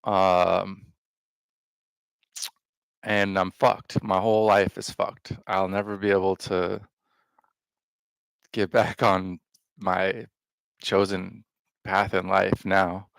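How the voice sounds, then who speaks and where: A man hosting a livestream, talking in a casual, rambling way with a deadpan, self-mocking manner. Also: low voice, slow pace, gravelly, long pauses, clear, resonant tone, no room sound. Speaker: livestream host.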